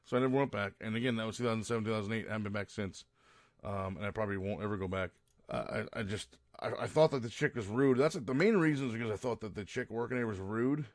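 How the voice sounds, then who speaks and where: A man's voice: lowish voice, quick pace, no room sound, studio quality. A man hosting a podcast, ranting in a rambling, profane monologue full of restarts. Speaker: podcast host. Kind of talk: casual monologue.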